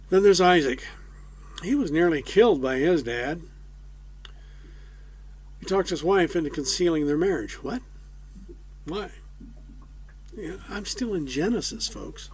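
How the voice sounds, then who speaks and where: A man's voice: fairly high pitch, a little mellow, breathy edge. A man preaching a conversational sermon, folksy with casual asides.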